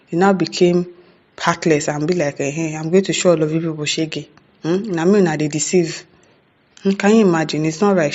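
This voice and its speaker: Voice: mid-range voice, darkish tone, muffled recording. A commentator with a Nigerian accent giving casual news commentary. The commentator keeps asking rhetorical questions, adds "eh?" and "hmm?", and laughs between remarks.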